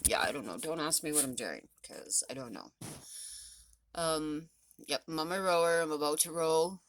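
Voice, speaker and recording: Out of breath from rowing, a vlogger rambles through a casual morning video at home, laughing often as she holds her phone. Her voice is low and expressive at a normal speed, with noise in the background.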